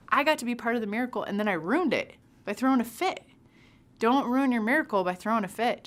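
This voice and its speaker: A woman giving a casual devotional talk, telling stories animatedly and acting out her own past reactions. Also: medium pitch. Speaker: youth ministry speaker.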